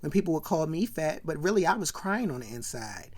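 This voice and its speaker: A woman's voice: low voice, sing-song, fairly quick, darkish tone, pitched below the performer's own voice. Woman doing a sassy sitcom matriarch. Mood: defiant. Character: brassy older sitcom matriarch, sassy and defiant.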